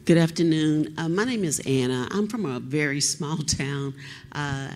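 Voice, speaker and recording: A woman's voice: deep voice, lively intonation, a little slow, a little mellow, slight background noise. A woman from Kentucky, a family member of a missing soldier, speaking from the audience at a public meeting, tearful and rambling as she talks. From Kentucky, USA. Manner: chatty and rambling, self-described talker.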